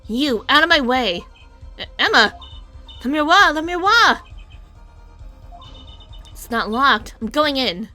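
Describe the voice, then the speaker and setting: A woman voicing an earnest young male lawyer, reading his lines loudly and urgently, stammering when shocked. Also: high voice, sing-song, slow, pauses often, faint music behind, voice pushed up, heavily acted. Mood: insistent. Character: young male defense attorney, earnest and jumpy.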